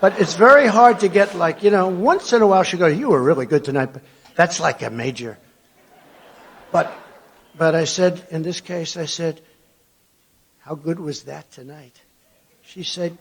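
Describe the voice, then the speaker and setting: An older man gives a rambling rally speech to a big conference crowd. His voice sits high and carries a gravelly edge, and he keeps lurching from loud declarations to low mocking mutters. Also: normal speed, pauses often. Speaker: political speaker at a conference. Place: large conference hall before an audience.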